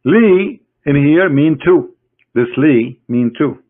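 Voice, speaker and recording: A man giving a combative screen-share lecture in mocking, halting English as an online debater. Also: a little high, animated. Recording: tinny phone-like online audio.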